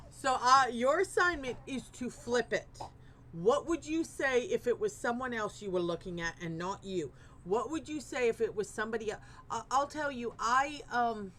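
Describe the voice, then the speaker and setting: Gentle, rambling woman streamer. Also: on the high side, slight background noise. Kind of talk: casual live-stream chat while gaming.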